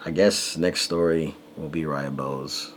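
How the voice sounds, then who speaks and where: A man with a very low voice co-hosts a podcast, chatting casually and acting out what people said. Faint hiss sits under the recording. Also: measured pace. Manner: animated storyteller, acts out quotes. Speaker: podcast co-host. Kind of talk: casual storytelling chat.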